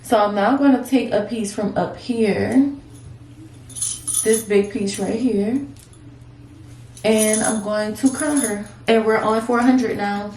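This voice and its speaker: A woman's voice: on the high side, steady tone, slow pace, long pauses, darkish tone. A young woman vlogging while styling a wig at home, talking candidly and swearing freely in casual girl-talk. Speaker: beauty vlogger. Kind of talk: casual chatty vlog. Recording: echoey room with faint noise.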